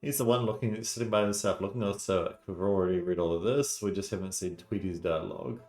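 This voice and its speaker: A man streaming a mystery game, reading the text aloud with relaxed asides. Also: sits low, a little fast, roomy sound, faint music behind. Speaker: gaming streamer.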